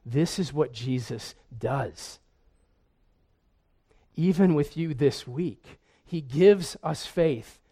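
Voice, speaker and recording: Slow, earnest male preacher. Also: a little high, mellow, husky. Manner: earnest, often repeats words as he restarts. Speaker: pastor. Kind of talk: sermon.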